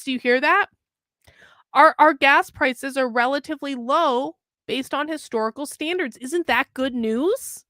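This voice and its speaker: A woman's voice: high-pitched, fairly bright tone, no echo, clean studio sound. A woman hosting a news commentary show, reading an article aloud and mocking it sarcastically.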